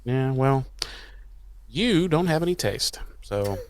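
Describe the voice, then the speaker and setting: Guy on a podcast griping sarcastically, swears a lot, smooth voice, mid pitch. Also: expressive, slow pace, dry recording. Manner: ranting, sarcastic, profane. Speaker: podcast co-host. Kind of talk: casual podcast chat.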